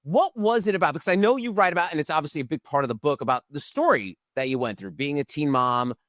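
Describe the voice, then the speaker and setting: A man's voice: fairly high pitch, quick pace, a bit bright, dry recording, clean studio sound. A man hosting a podcast, asking long, chatty, upbeat questions and thinking aloud as he goes. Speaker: podcast host. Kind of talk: conversational interview questions.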